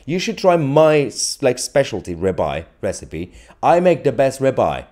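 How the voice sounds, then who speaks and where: A man's voice: medium pitch, big pitch swings, a little slow, warm tone. A man hosting a political live stream, chatting casually and jokily as he reads viewer comments, with frequent chuckles and rambling asides. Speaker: political livestream host.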